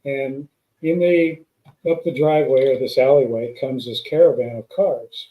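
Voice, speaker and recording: A man's voice: mid-range voice, normal speed, narrow, tinny audio. Man telling long pilot stories. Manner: rambling anecdotes with restarts. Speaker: guest, former stunt pilot. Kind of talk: storytelling in casual chat. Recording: roomy echo.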